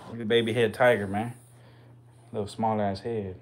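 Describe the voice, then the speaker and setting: A man's voice: fairly low pitch, little pitch movement, moderate pace. A man hosting a live stream, giving casual commentary in slangy, profane, hyped-up banter.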